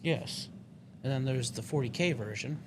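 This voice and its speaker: A man co-hosting a casual podcast, explaining in a halting way with many restarts. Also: mid-range voice, slight background noise. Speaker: podcast co-host. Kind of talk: casual chat.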